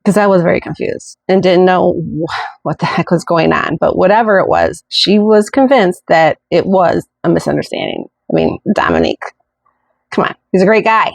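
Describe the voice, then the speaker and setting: A woman's voice: fairly low pitch, animated, moderate pace, vocal fry, dry recording. A woman hosting a podcast, telling a true-crime story in a chatty way with indignant asides. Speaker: podcast host.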